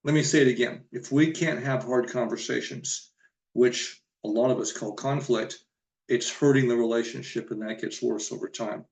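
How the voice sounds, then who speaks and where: A man's voice: mid-range voice, steady tone, normal speed, creaky, a little mellow, reverberant. A man giving an earnest, emphatic solo talk to camera about relationships, stressing and repeating his main points like a counselor.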